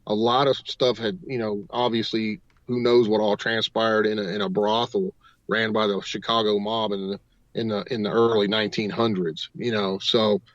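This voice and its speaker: A man's voice: fairly low pitch, little pitch movement, moderate pace, no room sound. Man telling a story over dull, lo-fi audio. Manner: rambling storyteller, strings clauses with "and". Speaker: paranormal investigator, radio guest. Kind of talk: telling a story on a talk radio show.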